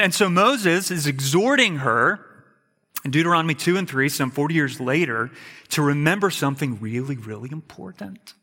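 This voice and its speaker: A man preaching a sermon in an emphatic way, repeating words and dropping to quiet asides. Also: fairly high pitch, in a large hall. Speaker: pastor.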